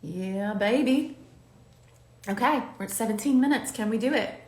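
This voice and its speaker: A woman speaks a little fast at a medium pitch, her voice echoing around the room. She's hosting a makeup tutorial, chatting and coaching the viewer as she does her own makeup on camera.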